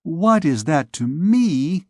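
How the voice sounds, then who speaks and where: A man's voice: fairly high pitch, big pitch swings, takes it slowly, a little mellow, no room sound, voice pushed up. Man doing a tender young noblewoman, raised voice, coaxing and reproachful, dry close audiobook read. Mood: anxious. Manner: coaxing, pleading questions. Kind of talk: audiobook character voice.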